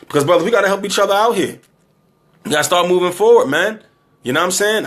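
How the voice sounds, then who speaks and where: A man's voice: high voice, expressive, fast, fairly bright tone. A tired, emotional man giving an earnest closing appeal to his community, repeating himself and asking pleading questions. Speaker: community speaker appealing for donations. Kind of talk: impassioned closing exhortation.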